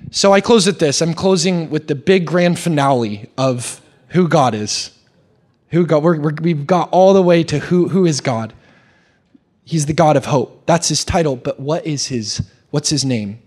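A young man preaching a sermon, animated, with quick restarts and questions put to the congregation. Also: on the high side. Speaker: pastor.

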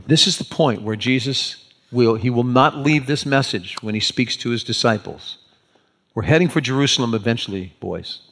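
A pastor preaching an animated sermon, acting out the scenes as he tells them. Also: mid-range voice, normal speed.

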